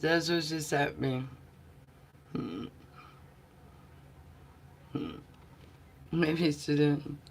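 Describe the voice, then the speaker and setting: A woman vlogger chatting casually with her viewers and telling stories, often clearing her throat and laughing softly. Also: deep voice, fairly even intonation, drawn-out words, pauses often, a little hiss or hum. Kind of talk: casual live chat.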